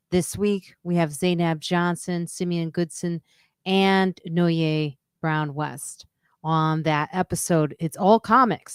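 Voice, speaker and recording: A woman's voice: clean tone, dry recording, clean studio sound. A woman comedian hosting her own live stream in a casual, chatty way, greeting viewers and reading out their comments. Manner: says she is using a weird low radio voice. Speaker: comedian and podcast host.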